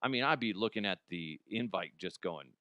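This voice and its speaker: A man's voice: deep voice, lively intonation, a little fast, heavy background noise. A man hosting a comedy show, riffing sarcastically on odd news stories, swearing freely and jumping into mocking voices. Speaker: comedy podcast host.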